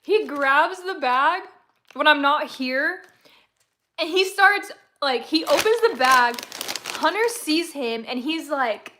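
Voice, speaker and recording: A woman's voice: high-pitched, expressive, slow pace, background noise. A woman from Texas, chatting casually with viewers on a livestream, rambling through stories and laughing often. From San Antonio, Texas, USA.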